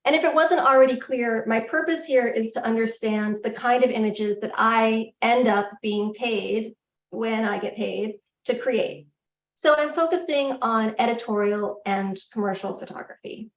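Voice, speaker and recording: A middle-aged woman giving a public lecture in a candid, self-deprecating, animated way. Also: on the high side, normal speed. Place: lecture hall. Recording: echoey hall, distant, dull lo-fi.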